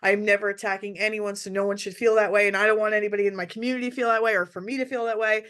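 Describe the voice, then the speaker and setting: A woman's voice: medium pitch, flat delivery, racing, a bit bright, clear, resonant tone. A middle-aged woman hosting an online workshop for parents, speaking in a direct, heartfelt way with frequent restarts. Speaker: workshop presenter. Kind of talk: emotional webinar talk to parents. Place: hotel room.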